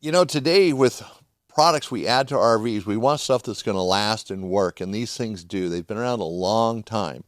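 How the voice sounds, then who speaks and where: A man's voice: fairly low pitch, moderate pace, no room sound, clean studio sound. A man hosting a podcast, chatting casually and folksily about gear, rambling with restarts. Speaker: podcast host. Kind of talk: casual product talk.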